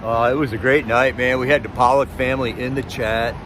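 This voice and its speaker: A man's voice: medium pitch, steady tone, brisk, fairly bright tone, slight background noise. A man hosting a live stream, chatting casually in a rambling, sarcastic way with many restarts.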